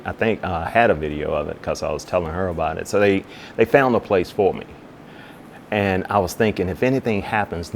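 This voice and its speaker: Man, very deep voice, animated storyteller, acts out dialogue, faint rumble behind. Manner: animated storyteller who acts out both sides of conversations; relaxed, conversational, with many "you know" asides. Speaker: fire captain and business owner. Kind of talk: storytelling in an interview.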